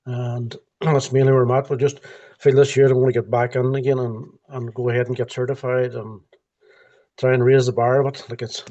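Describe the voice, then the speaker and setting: A man who works in community projects, introducing himself in a hesitant, soft-spoken way. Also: mid-range voice, level tone, brisk, highs cut off. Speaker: community project worker, participant. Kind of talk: personal introduction on a group call.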